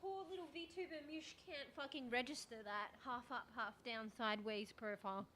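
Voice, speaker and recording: A young woman VTuber talks to her stream on a desk mic in a slightly high voice. Her chat is loose and rambling, full of fillers and casual swearing. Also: moderate pace, pushed and bright.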